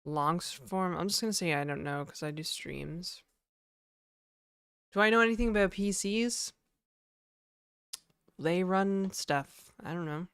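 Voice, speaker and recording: A woman's voice: fairly low pitch, measured pace, long pauses, fairly bright tone, clean tone, dry recording, clean studio sound. A woman streamer chatting casually to her viewers live, venting and swearing a lot.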